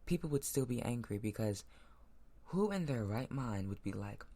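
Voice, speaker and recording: A man's voice: mid-range voice, lively intonation, normal speed. Heated man ranting on a podcast. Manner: heated, ranting, with sudden loud outbursts. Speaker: podcast host. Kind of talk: solo podcast commentary. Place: home room with a laptop.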